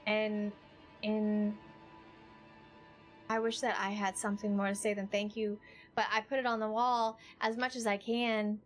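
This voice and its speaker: A woman live-streaming a video game, chatting with her viewers, rambling and emotional, then excitable during play. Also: mid-range voice, a little slow, long pauses, soft background music. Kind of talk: live gameplay stream chat. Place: home streaming setup.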